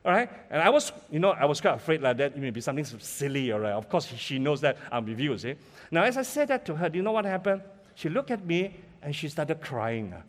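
Malaysian-accented male preacher, high-pitched and emphatic, heard with long hall reverb. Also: very animated, quick pace. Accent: Malaysian English. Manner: emphatic, asks the congregation questions often. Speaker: pastor. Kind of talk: sermon.

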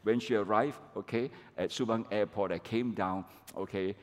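A middle-aged man preaching a sermon, animated and chatty, peppering his telling with "okay" and "all right" to the congregation. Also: on the low side, normal speed. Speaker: pastor. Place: large church hall. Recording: long reverb of a church hall.

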